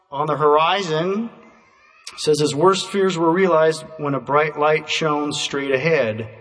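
A man preaching a sermon, telling illustrations in a measured, emphatic way that slows down to stress key phrases. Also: a little high, fairly bright tone. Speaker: pastor. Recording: distant voice in a reverberant hall.

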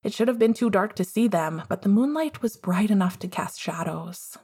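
A woman reading a fan story aloud in a calm, measured way. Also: medium pitch, breathy edge. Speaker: audiobook reader. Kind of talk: storybook narration.

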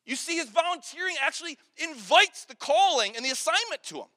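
Man pastor, very high bright voice, earnest storytelling sermon, long hall reverb. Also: fairly quick. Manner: earnest storytelling, repeats words when excited. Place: large hall with an audience.

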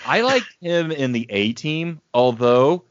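A man's voice: a little high, big pitch swings, slow pace, no echo. A man co-hosting a podcast, telling rambling stories with many fillers in casual chat. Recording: dry, dull lo-fi sound.

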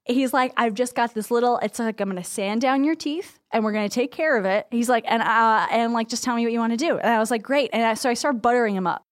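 A woman's voice: on the high side, fast talker, hardly any pauses, dry recording, clean studio sound. A woman co-hosting a podcast, telling chatty, upbeat anecdotes in casual conversation. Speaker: podcast co-host. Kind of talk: casual chat.

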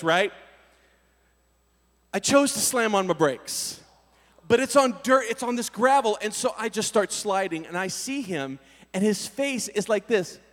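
A man preaching a storytelling sermon to young people, acting out scenes with voices and sudden loud bursts. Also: high-pitched. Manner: animated, acts out scenes with voices and sudden shouts. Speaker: youth pastor. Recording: reverberant hall.

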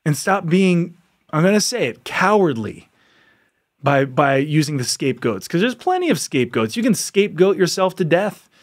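A man hosting a podcast, delivering an impassioned monologue full of rhetorical questions and frequent laughs. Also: medium pitch. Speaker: podcast host.

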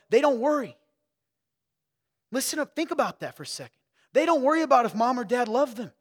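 Man preaching with a high voice. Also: in a large hall. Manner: conversational, swings between quiet asides and loud emphatic stretches. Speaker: pastor. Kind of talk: sermon. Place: church sanctuary.

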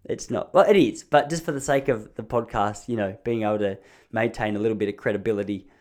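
A man's voice: on the low side, fast talker, a little mellow. Rambling man telling stories. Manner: rambling, self-mocking storytelling with frequent restarts. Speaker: podcast host. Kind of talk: casual comedic monologue. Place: home back studio.

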